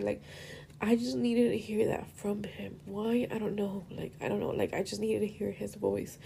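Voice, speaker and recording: A woman's voice: mid-range voice, flat delivery, normal speed, vocal fry, warm tone, a little hiss or hum. A young woman hosting a podcast, talking about her father in a rambling, emotional monologue, tearful at times and slipping between English and Spanish. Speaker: podcast host. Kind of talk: personal monologue.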